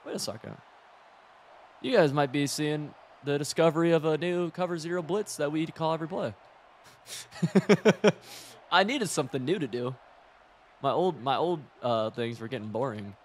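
Young male gaming streamer, loose and excitable play-by-play, profane and chatty. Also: a little high, normal speed, long pauses, a little hiss or hum. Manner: excitable, chatty, swears and laughs often. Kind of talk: live gameplay commentary.

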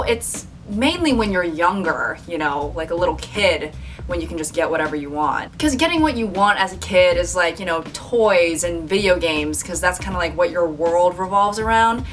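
A woman's voice: on the low side, slight background noise. Young woman doing a sarcastic sketch bit, chatty and wry, mic a little far off. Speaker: comedy creator. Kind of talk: comedic sketch and narration.

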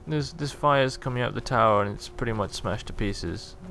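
A man's voice: medium pitch, fairly quick, gravelly, sharp tone, slight background noise. A young man giving casual, jokey, rambling commentary while playing a video game. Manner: jokey, rambling, self-amused. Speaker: gaming video host.

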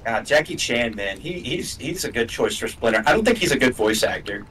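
Bright-voiced young man gaming, off-mic. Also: medium pitch, animated, fairly quick, slight background noise. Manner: rambling, filler-heavy, emphatic. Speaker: let's play co-host. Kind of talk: casual gaming chat. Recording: voice a bit far from the mic.

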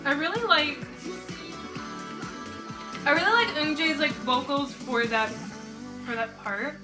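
A woman hosting a reaction video, gushing and swearing with bursts of loud exclamations. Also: sits high, a little slow. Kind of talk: excited reaction commentary. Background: music video playing.

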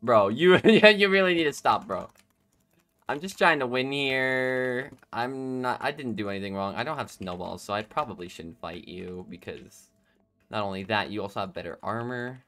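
Gaming YouTuber, male, bright and bouncy delivery, laughs a lot, chats at opponents mid-game. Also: medium pitch, moderate pace. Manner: excitable, laughs often, talks to himself and opponents. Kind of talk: live gameplay commentary.

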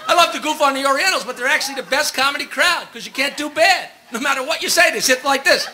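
A man doing stand-up comedy, firing off crude one-liners in a brash, rapid-fire manner on a club stage. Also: extremely high pitch. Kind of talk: stand-up joke telling. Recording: live club recording, loud crowd and noise.

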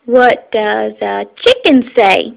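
Woman, mother, home phone video; slightly high, very slow, patient sing-song prompting of a small child. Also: sing-song, creaky. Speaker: mother teaching her toddler words. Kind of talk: home video, coaxing a toddler.

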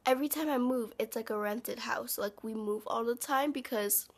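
Teen girl vlogger, high voice with lots of vocal fry, gushy and dramatic, whispers sometimes. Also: normal speed. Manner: gushing, with dramatic exclamations; drops into a whisper at times. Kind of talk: casual chat to camera.

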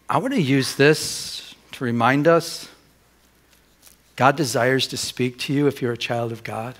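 A man preaching a sermon as pastor, putting questions to the congregation and moving between loud and hushed delivery. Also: medium pitch. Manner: asks the congregation rhetorical questions. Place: church during a Sunday service.

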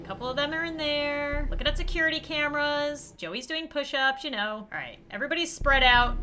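A woman YouTuber doing excitable gameplay commentary, gasping, squealing and laughing as she reacts. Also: high voice, slight background noise. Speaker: gaming YouTuber.

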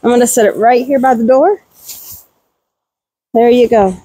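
A woman talking casually while doing farm chores outdoors around a barn, cooing at her animals in a high baby-talk voice. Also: normal speed, warm tone, breathy edge, poor audio. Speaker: homesteader vlogger. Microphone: handheld camera.

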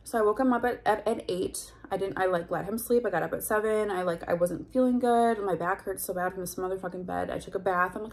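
A woman's voice: mid-range voice, quick pace, hardly any pauses. A woman telling a personal story in a confessional vlog, candid and heated, full of fillers and blunt swearing. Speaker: vlogger.

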